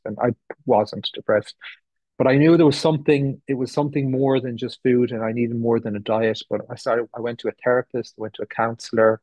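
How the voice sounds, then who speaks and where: A man's voice: mid-range voice, fairly even intonation, fairly quick, a little mellow, no echo, lo-fi sound. A man in his thirties from the west of Ireland, speaking with an Irish accent, shares his recovery story at a meeting in a candid, rambling way. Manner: candid, rambling, many fillers and restarts. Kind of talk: personal testimony talk. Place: meeting room.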